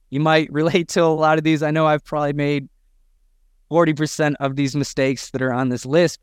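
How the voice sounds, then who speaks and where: A man's voice: on the high side, clean tone, no room sound, clean studio sound. A man co-hosting a business podcast, talking emphatically and acting out quoted lines as he gives advice to gym owners. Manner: emphatic, preachy, acts out quotes. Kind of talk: energetic business podcast talk.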